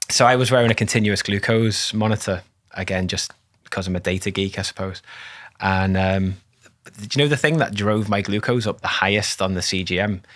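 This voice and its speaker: A man who co-hosts a podcast as a cardiologist, explaining things in a relaxed chat with swearing and laughter. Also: on the low side.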